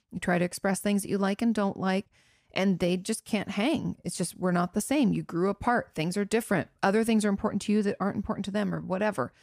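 A woman's voice: medium pitch, creaky, no echo, studio quality. A woman host and therapist talking through listener questions in an earnest, conversational way, full of "you know" asides. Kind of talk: casual advice talk answering listener questions.

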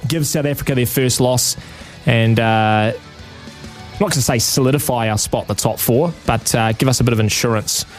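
A man's voice: medium pitch, moderate pace, faint music behind. Chatty New radio host, man. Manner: chatty, many ums and uhs. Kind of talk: casual sports radio chat. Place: radio studio.

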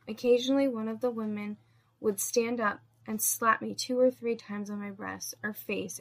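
A woman narrating a first-person story in a steady, measured reading. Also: a little high, creaky.

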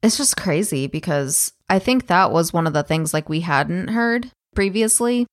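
A woman's voice: fairly low pitch, lively intonation, moderate pace, no echo, clean studio sound. A woman co-hosting a podcast in casual chat, mostly agreeing with short replies. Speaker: podcast co-host.

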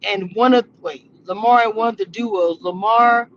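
A woman hosting a casual livestream about a reality show, talking in animated slang and laughing often. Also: medium pitch, normal speed, a little hiss or hum. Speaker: entertainment reality-show review host. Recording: slightly muffled livestream audio.

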